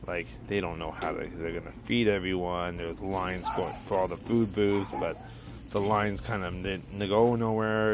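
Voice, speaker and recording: A man's voice: sits low, noisy background. A man casually telling a long personal story outdoors while barbecuing, rambling and correcting himself, with the odd curse word.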